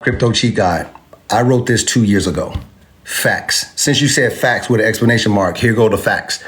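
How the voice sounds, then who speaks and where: Lowish and brisk, this crypto video host talks directly into the camera to answer a commenter. The rebuttal is animated, emphatic, repetitive and taunting.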